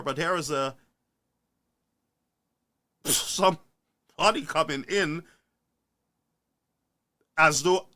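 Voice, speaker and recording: Male streamer, preachy live rant, lively swooping pitch, slightly high voice. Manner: animated, preachy, rhetorical questions. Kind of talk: ranting live-stream commentary.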